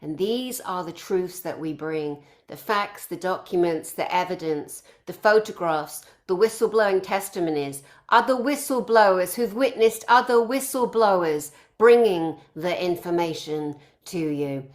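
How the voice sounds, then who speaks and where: A woman's voice: fairly low pitch, measured pace, few pauses. A woman organizing a conference, introducing its speakers one by one and piling up effusive praise in long lists.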